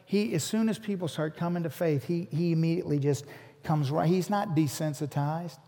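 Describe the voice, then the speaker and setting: At normal speed, this pastor preaches in a slightly high, warm voice, earnest and repeating words to build each point. A long hall reverb surrounds the recording.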